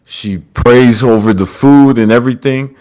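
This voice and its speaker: A man's voice: mid-range voice, measured pace, darkish tone. A man hosting a podcast over a video call, retelling a story with quoted lines and calling his guest brother. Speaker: podcast host. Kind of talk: casual storytelling chat.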